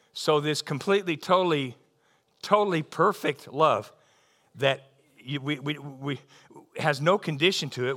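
A middle-aged man, his voice on the high side, preaches in a homespun, lively storytelling way. The sermon periodically rises into excited bursts.

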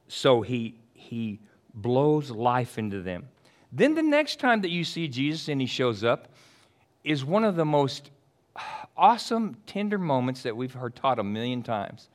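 Pastor, male, preaching a sermon; emphatic and chatty, shifts from loud to hushed. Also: mid-range voice. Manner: casual and chatty with the congregation.

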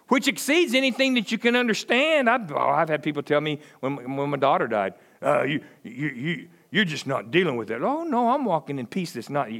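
Male preacher, middle-aged, high and very lively delivery, folksy storytelling sermon. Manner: animated storytelling, acts out quoted voices, chuckles often. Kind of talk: conversational sermon.

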